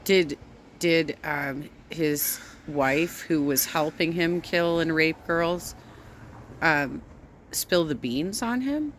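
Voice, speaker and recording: A woman giving true crime commentary in a deliberate, explaining way. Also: sits low, animated, slight background noise. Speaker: video commentator.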